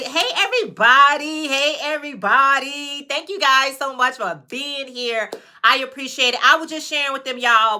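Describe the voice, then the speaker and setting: A woman's voice: on the high side, sharp tone. A woman from Chicago with a Chicago accent, chatting casually with her viewers on a livestream while she crochets hats. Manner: chatty, greets viewers by name, drawn-out phrases. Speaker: livestream host and crochet maker.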